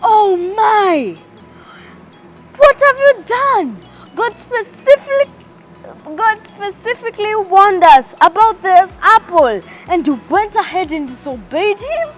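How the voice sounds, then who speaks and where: A woman's voice: high voice, big pitch swings, takes it slowly, faint music behind, voice pushed up, exaggerated voice. A woman voicing a timid, fearful first man in a children's story, stammering and exclaiming anxiously.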